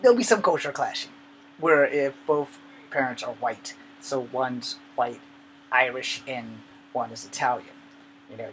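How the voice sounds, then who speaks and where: A man's voice: medium pitch, slight background noise, rough recording. Rambling, joking male vlogger. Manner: rambling, joking storyteller with sudden loud bursts. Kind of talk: casual monologue.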